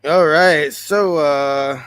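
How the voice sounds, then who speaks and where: A man's voice: fairly high pitch, drawn-out words, fairly bright tone, clean tone, no echo. Resonant-voiced man hosting a chatty podcast. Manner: loose, rambling, chuckles often. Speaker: podcast host. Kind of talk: casual podcast chat.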